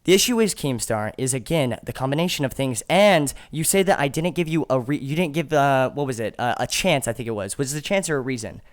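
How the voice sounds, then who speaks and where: A man's voice: mid-range voice, lively intonation, fairly quick, hardly any pauses. A man defending himself in a heated podcast argument, swearing constantly and stumbling over his words. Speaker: podcast guest.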